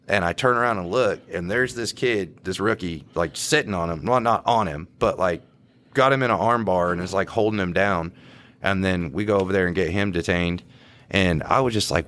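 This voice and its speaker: A man co-hosting a podcast, telling a quick, animated work story in casual chat with slang. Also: low voice. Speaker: podcast co-host, police officer.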